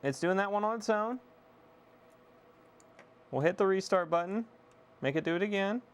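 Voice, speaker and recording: A young man casually chatting to viewers on a live stream while repairing a console, excitable and swearing freely. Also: high-pitched, normal speed, slight background noise. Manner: excitable, swears, self-deprecating laughs.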